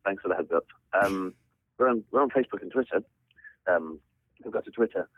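A man's voice: low-pitched, fairly quick, slightly rough, no echo. A male comedian guest in casual interview chat, hesitant and full of ums. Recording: phone-line call, dry.

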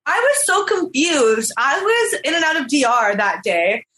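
A woman tells a story in a casual interview, lively and quick to act out what others said. Her voice sits a little high. The room around her is echoey. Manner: animated storyteller, acts out quotes. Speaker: reality show contestant.

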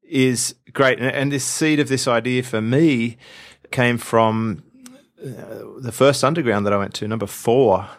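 A man co-hosting a business podcast, talking in relaxed casual chat with teasing banter. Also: medium pitch, unhurried. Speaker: podcast co-host.

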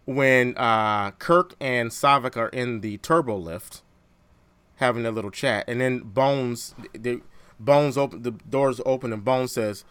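A man hosting a podcast in casual chat, animated and jokey. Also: medium pitch, a little slow, clean tone, no echo. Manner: animated, jokey, quotes lines from films. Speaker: podcast host.

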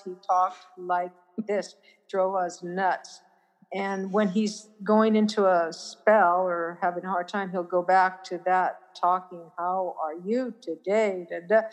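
Earnest middle-aged woman, reverberant room. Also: mid-range voice. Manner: warm, earnest, trailing off into quiet restarts. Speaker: family caregiver, guest. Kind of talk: interview conversation. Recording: long reverb in a hall-like room.

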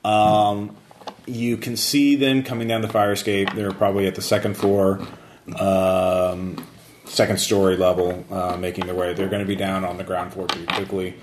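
Low-voiced man running a tabletop game. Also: flat delivery, moderate pace, echoey room, a little hiss or hum. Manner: rambling, many fillers and restarts. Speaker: game master.

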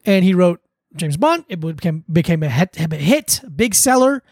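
A man's voice: sits high, sing-song, moderate pace, darkish tone, no echo, studio quality. A man co-hosting a podcast in loose, joking casual chat, with frequent swearing. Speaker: podcast co-host.

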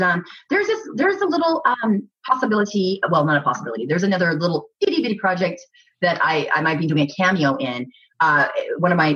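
A bubbly woman chats excitedly as an interview guest, her voice low-set, husky and breathy. Her pitch swings widely as she gushes, and the audio is muffled and lo-fi. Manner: bubbly, gushing, excitable, many restarts and laughs. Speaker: actress guest. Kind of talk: casual interview chat.

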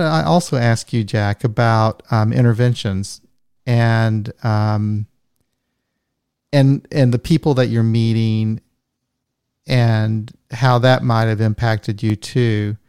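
Gravelly-voiced man hosting an interview. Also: medium pitch, darkish tone, no echo, studio quality. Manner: candid, thinks aloud, asks follow-up questions. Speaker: podcast host. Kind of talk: conversational interview.

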